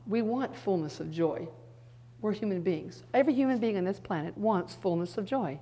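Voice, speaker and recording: A middle-aged woman giving an earnest sermon-style teaching, now and then dropping into soft hushed asides. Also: mid-range voice, lively intonation, normal speed.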